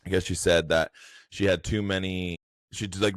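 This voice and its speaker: A man's voice: sits low, fairly even intonation, moderate pace, no room sound. A young man hosting a podcast, rambling and mocking in profane casual commentary. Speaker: podcast host.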